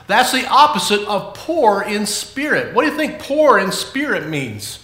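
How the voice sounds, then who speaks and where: A man leading a children's sermon in church, playful and animated, asking the kids questions. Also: high-pitched, normal speed, roomy sound. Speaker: children's pastor.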